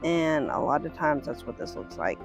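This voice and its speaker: A woman's voice: sits low, big pitch swings, normal speed. A woman vlogging a family trip as a mother of seven, candid and chatty, laughing as she talks and calling out directions to her kids. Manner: calls out directions to kids across the water. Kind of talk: casual vlog narration. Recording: background music over the voice.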